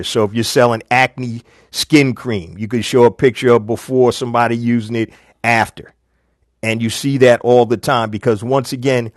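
A middle-aged man gives business advice on a live show in an easy, chatty way. He tells stories and acts out bits of dialogue. His voice sits at an average pitch, and the recording is dry and close. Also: no echo. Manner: casual, chatty, storytelling with quoted dialogue. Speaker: business coach host.

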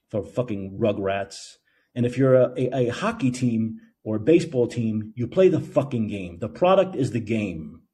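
A male call-in show host on an angry, profane rant. His mellow, dark-toned voice swings widely in pitch, climbing high when he gets worked up and dropping low into muttered asides. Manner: heated, profane, sneering. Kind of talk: opinion rant.

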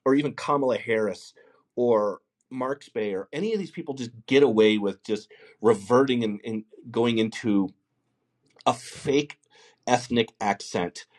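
A man's voice: mid-range voice, unhurried, darkish tone. A man hosting a call-in talk show, giving blunt, profane political commentary in a rambling way with restarts. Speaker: podcast host.

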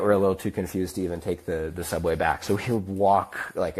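A man's voice: deep voice, darkish tone. A young American man casually telling a rambling travel story, acting out the people he quotes. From United States. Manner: rambling, acts out quotes in other voices. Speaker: podcast host.

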